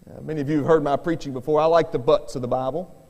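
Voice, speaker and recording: A man's voice: a little high, fairly even intonation, rapid-fire, a little mellow. A man preaching a revival sermon as an evangelist, earnest and given to repeating words as he starts his phrases. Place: church sanctuary. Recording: long church reverb.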